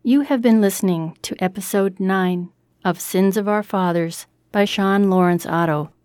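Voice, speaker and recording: A woman reading a formal radio announcement in a clear manner. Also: medium pitch, unhurried, a little mellow, dry recording, studio quality. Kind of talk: scripted station announcement.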